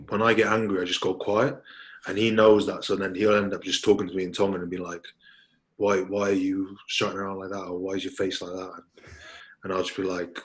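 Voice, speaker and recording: A man from Wales chatting as a podcast guest, soft-spoken and laid-back, halting with lots of fillers. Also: deep voice, rough recording. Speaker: guest, rugby player. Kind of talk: casual podcast chat.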